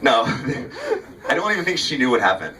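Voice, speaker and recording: A man rapping and joking with the crowd during a live set, with rapid punchy rhymes and loose stage talk. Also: medium pitch, wildly swooping pitch. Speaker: rapper performing a live set. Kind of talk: live rap performance and stage banter. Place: live music venue with crowd. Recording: distant live concert recording with music. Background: backing music.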